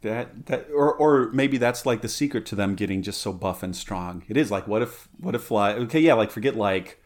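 A man's voice: fairly low pitch, moderate pace. A man co-hosting a casual podcast chat, rambling with lots of fillers and restarts. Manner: rambling, filler-heavy, laughs along. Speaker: podcast co-host.

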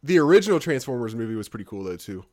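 A man's voice: mid-range voice, big pitch swings, very fast, darkish tone. A man co-hosting a podcast in casual chat, rambling, restarting his sentences and reading out listener emails. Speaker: podcast co-host.

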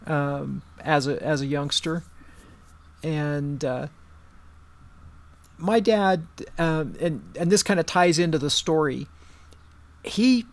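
A man in casual conversation, telling a rambling personal story and then a joke, with many fillers and restarts. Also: a little high. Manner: rambling, animated joke-telling with acted quotes.

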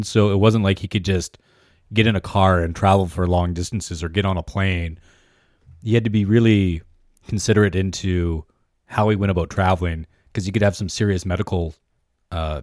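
A man with a fairly low voice talks through a book on a podcast. He hedges and keeps asking "right?" along the way. The recording is dry, with no room sound. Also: dry recording. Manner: animated, hedging, full of "right?" and "like". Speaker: podcast co-host. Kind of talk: casual book review chat.

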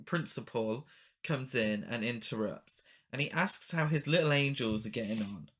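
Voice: medium pitch, moderate pace, fairly bright tone. A person co-hosting a casual film chat, making dry, teasing remarks. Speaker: podcast co-host.

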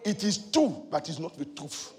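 A male preacher giving a sermon, moving between loud shouted exhortation and quiet teaching. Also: a little high, very animated, moderate pace. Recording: long hall reverb.

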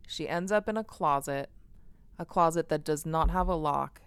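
A woman in her thirties chatting casually, retelling a film plot with animated energy and frequent swearing. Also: low-pitched, normal speed, clear, resonant tone, no room sound. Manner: animated storyteller, swears freely, acts out quoted lines. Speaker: podcast co-host.

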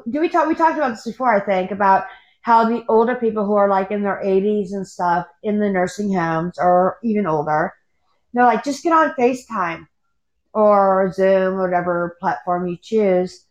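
A woman's voice: mid-range voice, moderate pace, muffled recording. A woman from the Pittsburgh area chatting casually on a podcast, rambling and laughing easily. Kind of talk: casual chat.

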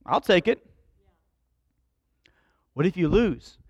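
A man preaches a sermon. He tells his story dramatically and acts out the dialogue. He raises his voice to shouts at the peaks. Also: high voice, very animated, slow, husky, no room sound, highs cut off.

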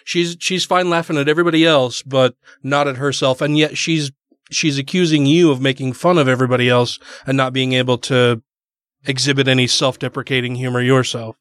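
A man's voice: mid-range voice, fairly even intonation, fairly quick, fairly bright tone. A man hosting a casual chat, reacting to and summarizing his guest's point.

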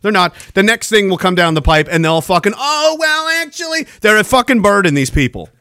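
A man's voice: high voice, quick pace, pushed and bright, no room sound, clean studio sound. A man hosting a podcast, delivering an angry, profane, sarcastic solo rant. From Canada. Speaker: podcast host.

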